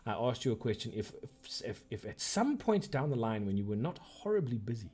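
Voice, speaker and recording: A husky-voiced man hosts a relaxed live-streamed podcast, his pitch swinging freely as he talks. He laughs easily and reads viewers' chat comments aloud in a playful, informal way. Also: fairly quick. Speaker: podcast host.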